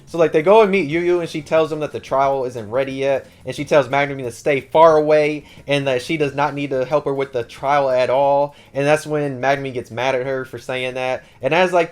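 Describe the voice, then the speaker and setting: Fast-talking man recapping a story casually. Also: mid-range voice. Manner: rapid and slangy, full of "like" and "yo". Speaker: anime channel host.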